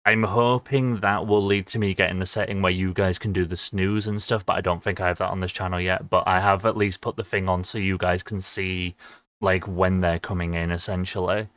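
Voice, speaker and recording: A man's voice: low-pitched, steady tone, a little fast, a bit bright, no room sound. A young man, chatting casually with viewers on a livestream, rambling with lots of ums and small laughs. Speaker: streamer.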